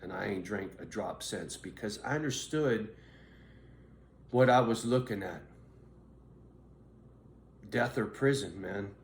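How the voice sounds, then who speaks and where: A man's voice: lowish voice, takes it slowly, long pauses. A middle-aged man bluntly telling his own story in a profane, street-tough way. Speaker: vlogger. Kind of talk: candid personal monologue. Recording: roomy echo, faint background noise.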